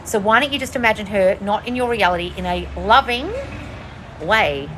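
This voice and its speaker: A woman's voice: normal speed, pushed and bright, slight background noise. A woman manifestation coach answering viewer questions in a casual livestream, talking bluntly and swearing often while sitting outdoors. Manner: blunt, profane, swings between shrill bursts and low mutters.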